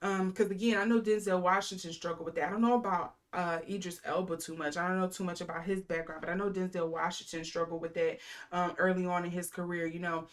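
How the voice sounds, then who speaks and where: A woman's voice: lowish voice, steady tone, quick pace. A woman in her thirties giving a casual intuitive tarot reading. She rambles with lots of fillers and reels off lists of card keywords. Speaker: tarot reader.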